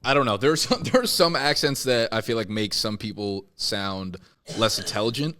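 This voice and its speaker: A man's voice: on the low side, animated, moderate pace, pushed and bright. Blunt, swearing young man. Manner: blunt, teasing, swears a lot. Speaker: podcast co-host. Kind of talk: casual chat.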